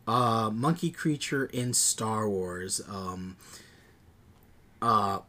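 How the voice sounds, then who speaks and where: A man's voice: on the low side, lively intonation, drawn-out words, sharp tone. A young man co-hosting a podcast, chatting enthusiastically and rambling with lots of fillers. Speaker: podcast co-host. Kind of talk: casual chat.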